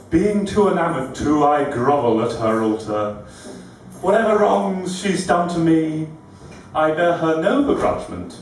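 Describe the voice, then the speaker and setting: A man performing his own rhyming poems at a live event, with a rhythmic, deliberate and witty delivery. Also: a little high, distant mic, slight background noise. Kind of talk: rhyming poetry recitation. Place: live venue room. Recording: very echoey room, recorded from afar.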